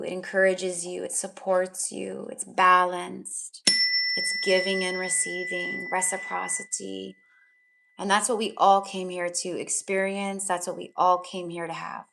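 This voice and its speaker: A woman's voice: on the low side, level tone, a little slow, gravelly, very noisy. A woman giving live psychic tarot readings, talking in a soothing, affectionate way with lots of fillers. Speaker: tarot reader.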